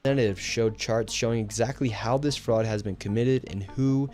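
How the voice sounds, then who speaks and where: A man's voice: mid-range voice, a little fast, darkish tone. A man reporting as an independent journalist, narrating his confrontational investigation in a persistent, pressing way.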